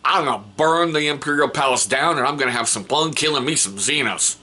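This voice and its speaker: A man's voice: mid-range voice, brisk, pushed and bright. A man voicing a brash warrior captain on a jet bike with a put-on Southern US accent. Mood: boastful.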